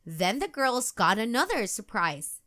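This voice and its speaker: Slow, sing-song woman reading a kids' book. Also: a little high. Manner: gentle, expressive, sing-song. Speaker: children's book reader. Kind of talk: read-aloud storytelling.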